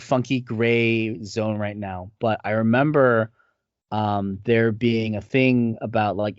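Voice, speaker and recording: A man's voice: lowish voice, no room sound. A male voice actor, a guest in a casual interview, talking in a rambling way with many fillers and restarts. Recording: dull lo-fi audio.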